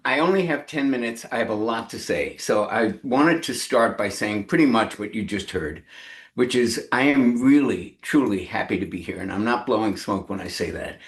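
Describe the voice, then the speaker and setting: Chatty man giving a keynote. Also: mid-range voice. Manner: conversational, animated, with fillers. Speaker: keynote speaker. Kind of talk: commencement speech. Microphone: live-stream microphone.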